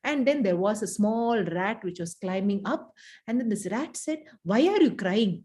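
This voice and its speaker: A woman with an Indian English accent leading a scripture study group, telling a story in a halting way with many restarts. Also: mid-range voice, expressive, a little mellow. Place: home study group, Bangalore.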